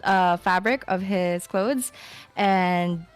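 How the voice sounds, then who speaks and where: A woman's voice: on the low side, drawn-out words, smooth, faint music behind. A woman playing a tabletop game, describing her character's actions in a hesitant way. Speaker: player.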